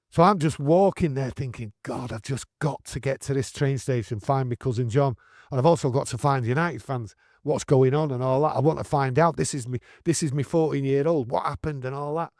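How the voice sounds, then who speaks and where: A man in his sixties with a Manchester accent, telling his story in an earnest, animated way with broad northern dialect. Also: medium pitch, no room sound, clean studio sound. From England. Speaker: guest storyteller. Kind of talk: casual storytelling interview.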